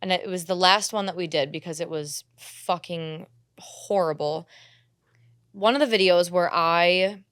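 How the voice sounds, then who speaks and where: A woman's voice: on the low side, a little slow, a bit bright, smooth, no room sound, studio quality. A young woman co-hosting a podcast, telling a personal story in candid casual chat, swearing freely and acting out her own quotes. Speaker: podcast co-host.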